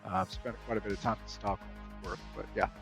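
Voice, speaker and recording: A man from the American South with a Southern accent, chatting as a guest in a relaxed, rambling way, on a slightly dull recording. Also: on the low side, fast, vocal fry, faint music behind. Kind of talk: casual chat.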